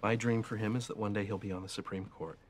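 An actor playing a flamboyant, emotional, big-hearted gay dad in a sitcom, with dramatic delivery. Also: male voice, lowish voice, fairly even intonation, fast, slight background noise, lightly acted. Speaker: sitcom character. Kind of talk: sitcom acting.

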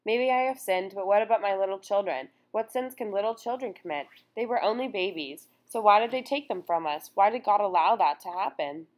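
A woman's voice: mid-range voice, animated, brisk, few pauses, natural voice. A woman voicing a bitter, anguished mother who has lost her children, in an audiobook. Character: grieving mother questioning God.

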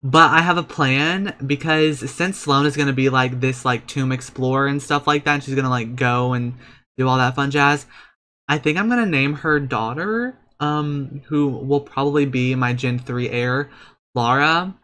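A young man with a bright, forceful voice and an average pitch, chattering through a life-sim gameplay session. He is excitable, breaks into gasps and squeals, and swears casually as he talks straight to his viewers. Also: moderate pace. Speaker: let's play creator.

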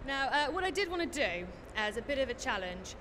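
High bright voiced woman host, chatty, laughs a lot, gets the crowd going. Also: very animated, a little fast, slight background noise. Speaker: stage host, interviewer. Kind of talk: live stage interview. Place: convention stage.

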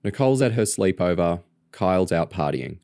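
A man's voice: low-pitched, expressive, normal speed, dark tone, no room sound, clean studio sound. A man voicing a bossy, determined teenage girl agent who talks in urgent, clipped commands.

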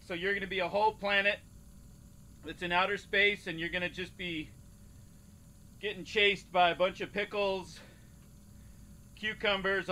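Slow, bright-voiced gaming host. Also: male voice, high-pitched. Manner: slow, mock-official casting director bit. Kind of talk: joking play-through commentary.

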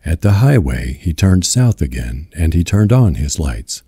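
A man with a deep voice narrating a novel as an audiobook in a slow, measured reading. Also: very animated, warm tone, slightly rough, no room sound, studio quality. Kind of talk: scripted narration.

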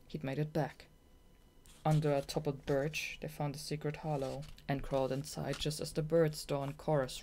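A woman narrating a children's audiobook in a measured, gentle storytelling manner. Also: deep voice.

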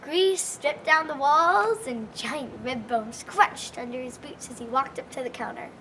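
A lively, folksy woman storyteller with a high, bright voice. She tells a tall tale for children with a lot of expression, over faint room noise. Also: a little slow.

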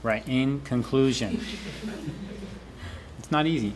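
A man's voice: medium pitch, fairly even intonation, normal speed, pauses often, darkish tone. A man who is a university professor, giving a classroom lecture and repeating key phrases for students to echo.

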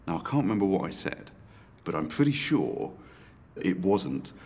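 A man recounting an assault in documentary testimony, measured and reflective with halting pauses. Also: low-pitched, big pitch swings, a little mellow. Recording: music bed under the voice.

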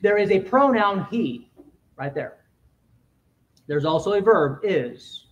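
A man preaching a sermon in a church, emphatic, with quick asides and swings between loud and quiet. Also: sits high, lively intonation, dull audio. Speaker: pastor.

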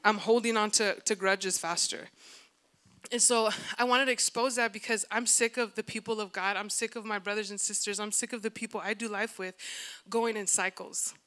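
A woman pastor giving a lively, conversational sermon, acting out little asides to the congregation. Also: mid-range voice, normal speed. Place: church.

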